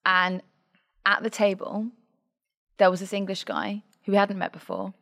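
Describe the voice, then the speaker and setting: Irish woman, podcast co-host, chatty and teasing, mid pitch. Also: big pitch swings, moderate pace, pushed and bright. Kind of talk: casual chat.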